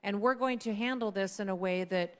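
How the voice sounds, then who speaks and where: A middle-aged woman speaks at a dinner event, telling a personal story in a relaxed, conversational way. Her voice is smooth and clean, in a middle register, and she slips into the voices of the people she quotes. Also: medium pitch, fairly quick. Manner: conversational, acts out quoted dialogue. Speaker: guest speaker at a political dinner. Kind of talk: anecdotal storytelling speech.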